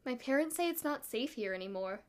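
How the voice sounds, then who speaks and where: A woman voicing a hesitant young girl, storybook reading, quiet delivery, higher voice. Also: expressive, a little fast.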